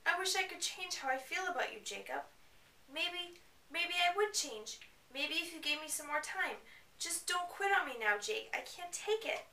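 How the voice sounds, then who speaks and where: A woman voicing a distraught teenage girl who pleads with her friend in a breathless, high voice. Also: expressive, moderate pace, sharp tone, distant mic, full character voice. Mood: pleading. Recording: roomy, away from the mic.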